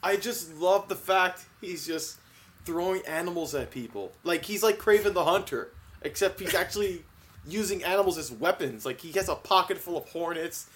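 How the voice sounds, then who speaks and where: A man co-hosting a casual podcast, animated and riffing, quick to laugh. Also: sits high, a little hiss or hum. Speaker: podcast co-host.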